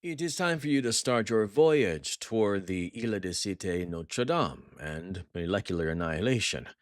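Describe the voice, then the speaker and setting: A man's voice: fairly low pitch, expressive, normal speed, no echo, clean studio sound, voice pushed up, close to an everyday voice. A man putting on a gloating French villain. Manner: mock-warm, theatrical, gloating. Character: jovial, cruel male French crime boss, middle-aged.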